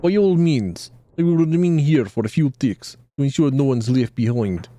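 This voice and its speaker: A man's voice: medium pitch, lively intonation, normal speed, dark tone, close to an everyday voice. A man voicing a wry, worldly male expedition guide in a put-on Russian accent, formal and theatrical. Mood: dry, theatrical.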